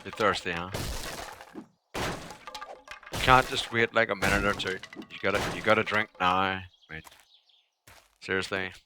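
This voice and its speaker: A man's voice: sits low, fairly even intonation, measured pace, long pauses, noisy background. A young man streaming a survival game live, chatting casually, swearing now and then, grumbling at the game and answering his chat. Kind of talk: live gameplay commentary.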